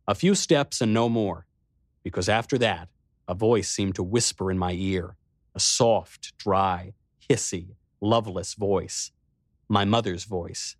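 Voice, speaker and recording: Man reading a fantasy story in first person, expressive, fairly low voice. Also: dry recording, clean studio sound. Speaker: narrator. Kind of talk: first-person audiobook narration.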